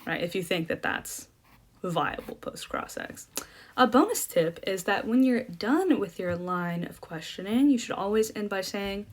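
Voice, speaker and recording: A woman's voice: mid-range voice, lively intonation, unhurried. Chatty young woman explaining debate tactics. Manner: chatty, self-deprecating, lots of fillers and restarts. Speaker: debate coach. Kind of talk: casual instructional explanation.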